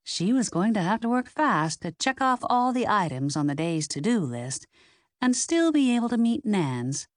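Reading scripted narration from a novel, this audiobook narrator speaks at a medium pitch and normal speed, bringing the story to life expressively. Studio quality, with no room sound.

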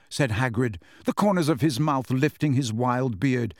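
A man's voice: mid-range voice, normal speed, no echo, studio quality. A man narrating an audiobook, reading the speech tags expressively.

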